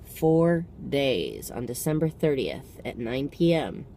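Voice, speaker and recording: A man in his thirties giving a heartfelt personal vlog reflection, pausing to count and correct himself. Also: mid-range voice, big pitch swings, vocal fry, mellow, slight background noise. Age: 30s.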